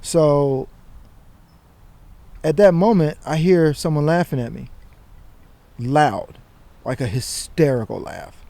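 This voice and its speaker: A man telling a personal story in a casual, animated way, full of slang and swearing. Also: a little high, slow, creaky, pauses often. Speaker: guest.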